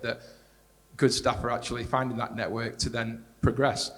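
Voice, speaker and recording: A man speaking as a panelist in a live discussion, talking quickly and conversationally and repeating words as he restarts. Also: mid-range voice, gravelly, fairly bright tone. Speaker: panelist, director of strategic partnerships. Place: large hall at a live panel event. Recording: reverberant hall.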